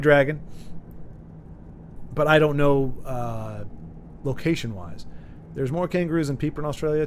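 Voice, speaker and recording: A man's voice: on the high side, a little hiss or hum. A man streaming live, chatting casually and rambling while he reads out viewer comments, with frequent restarts and chuckles.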